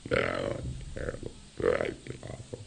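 A man's voice: rumbling low, completely flat delivery, moderate pace, gravelly, slight background noise, voice pushed down, heavily acted. A man voicing a gloomy, self-pitying client in counseling, moaning his lines as a lament. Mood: despairing.

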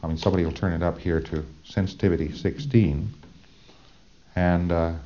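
A man's voice: low voice, steady tone, moderate pace, warm tone, muffled recording. A man giving a conversational, emphatic training lecture, often checking in with "see?".

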